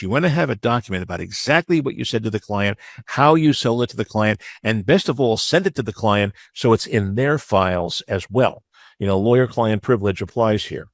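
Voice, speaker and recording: A man's voice: lowish voice, dry recording, studio quality. A man teaching a webinar as a business lawyer, frank and conversational, mixing advice with anecdotes. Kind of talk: webinar lecture.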